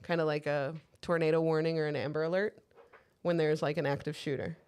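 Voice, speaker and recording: A woman's voice: low-pitched, flat delivery, fairly quick, a little mellow, clean tone. A woman co-hosting a podcast, telling candid stories in casual chat with plenty of swearing. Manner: candid, swearing storyteller who quotes herself. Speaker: podcast co-host.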